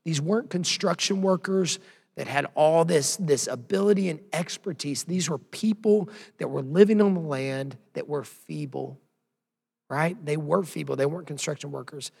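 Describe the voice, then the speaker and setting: A man's voice: on the high side, normal speed, creaky, a little mellow, breathy edge, big-room sound. A man preaching a sermon as a pastor, emphatic, with frequent rhetorical questions.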